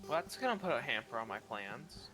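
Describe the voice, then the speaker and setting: Joking man with lively pitch. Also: fairly quick, music in the background. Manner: joking, laughs often, swears freely. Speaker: game streamer. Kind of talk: casual gaming chat.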